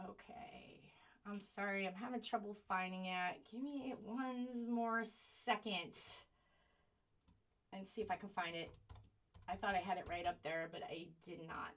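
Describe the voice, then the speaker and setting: A woman's voice: mid-range voice, measured pace. A woman hosting a live-streamed commentary show. She is indignant at times and keeps apologizing while she fumbles with her computer. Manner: animated, indignant. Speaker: online show host.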